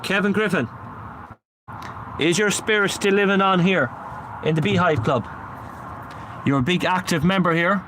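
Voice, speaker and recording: Man coaxing spirits, fairly high voice. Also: moderate pace, pauses often, background noise. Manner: coaxing, repetitive calling out. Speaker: paranormal investigator. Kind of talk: spirit box session, talking to spirits and chat. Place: outdoors at night by beehives.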